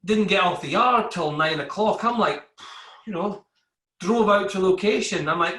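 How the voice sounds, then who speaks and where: A man's voice: high voice, moderate pace, sharp tone. A man, an army veteran, telling his story in a candid podcast conversation, acting out exchanges with coworkers. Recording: echoey room.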